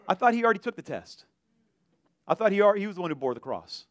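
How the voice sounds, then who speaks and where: A male pastor preaching an animated sermon, acting out voices from the story. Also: sits high, racing, long pauses, no echo.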